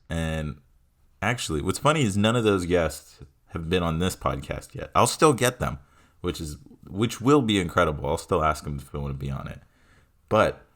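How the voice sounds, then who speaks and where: A young man in his twenties with a very low voice hosts his own podcast. He talks casually in a rambling, profane, self-deprecating way, recorded on a home mic. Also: fairly bright tone. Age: 20s. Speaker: podcast host. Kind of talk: casual solo podcast monologue. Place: home room. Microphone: headphones with home mic.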